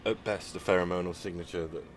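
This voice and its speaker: Deep-voiced man, rambling podcast host. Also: fairly even intonation, fast talker, slight background noise. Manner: rambling, many restarts and fillers. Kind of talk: casual conversation.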